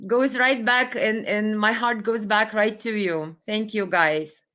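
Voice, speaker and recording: Brief: woman livestream host, earnest and heartfelt, mid-pitched, webcam sound, close to tears. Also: fairly even intonation, slow, bright, forceful tone. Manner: earnest, heartfelt, reads viewer comments aloud. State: tearful. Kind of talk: emotional livestream talk.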